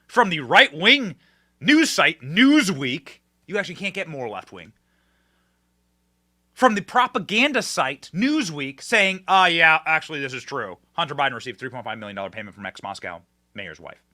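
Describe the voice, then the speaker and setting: A man hosting a political commentary show, talking emphatically and swinging between loud outbursts and hushed asides. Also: sits high, sing-song, normal speed.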